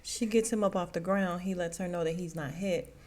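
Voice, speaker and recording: A woman with a slightly low voice chats through a TV episode recap. She talks casually and conversationally, and she slips into the characters' lines as she retells the scenes. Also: fairly even intonation, brisk, a little mellow. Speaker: podcast host reviewing a TV episode.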